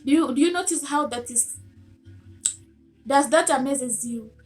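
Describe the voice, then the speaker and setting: A woman's voice: sits high, measured pace, darkish tone, soft background music. Earnest woman giving a pep talk. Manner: earnest, coaxing, asks many rhetorical questions. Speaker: self-help vlogger. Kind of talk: motivational talk to camera.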